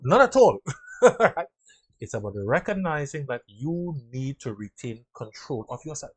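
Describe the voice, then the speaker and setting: A middle-aged man speaks earnestly on leadership, his fairly high voice leaping up and down in pitch. He swings between loud bursts and soft asides, acting out quotes and sounds as he goes. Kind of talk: motivational talk.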